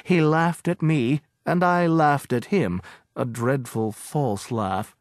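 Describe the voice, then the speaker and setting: A man giving a scripted, measured and expressive audiobook narration. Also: a little high, no echo, clean studio sound.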